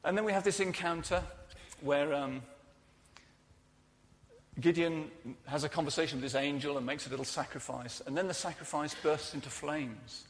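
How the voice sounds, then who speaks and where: A man preaches a sermon in a church hall, retelling a story earnestly and often letting his voice fall soft and quiet. His voice sits slightly high, and a long reverb from the large hall trails behind every word. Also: moderate pace.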